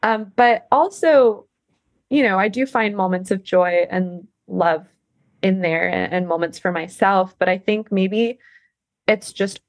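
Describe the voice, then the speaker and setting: A woman's voice: medium pitch, measured pace, no room sound. A young woman, a professional climber, chatting in a casual podcast interview, laughing often and talking with many fillers.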